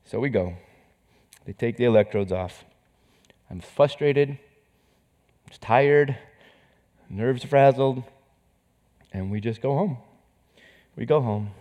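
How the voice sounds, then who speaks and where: A man preaching as a pastor, telling a personal story with emotion, moving from hushed words to forceful emphasis. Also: mid-range voice, slow, pauses often. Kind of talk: sermon storytelling. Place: church stage. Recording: reverberant hall.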